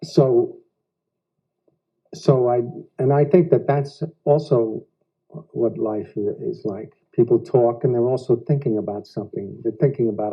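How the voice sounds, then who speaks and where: A man's voice: medium pitch, fairly even intonation, breathy edge. Man musing in a dull, lo-fi recording. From United States. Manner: reflective, halting phrasing with odd pauses. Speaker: actor being interviewed. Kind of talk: casual interview talk. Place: living room of a private house. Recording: dull lo-fi 1990s home video.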